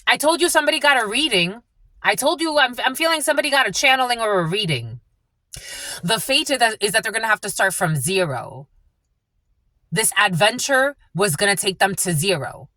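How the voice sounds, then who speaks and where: Woman channeler, casual reading monologue; bright, forceful voice, swears freely, dry close sound. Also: mid-range voice, expressive, a little fast, no room sound. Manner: rambling, profane, blunt. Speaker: spiritual channeler and tarot reader.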